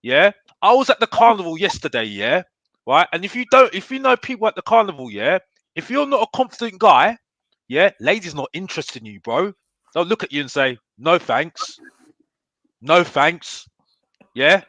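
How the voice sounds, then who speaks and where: A man's voice: high-pitched, very animated, brisk, fairly bright tone, no echo. A man giving blunt football opinions in a casual debate, emphatic, forever tagging his points with "yeah?". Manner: emphatic, keeps asking "yeah?"; blunt and fired up. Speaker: football fan pundit guest.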